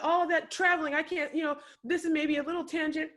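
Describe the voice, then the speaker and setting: A woman's voice: sits high, level tone, fast, a bit bright. A woman giving an impassioned, preacher-like keynote speech, repeating phrases for emphasis, tearful at times. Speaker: keynote speaker. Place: home, remote video address.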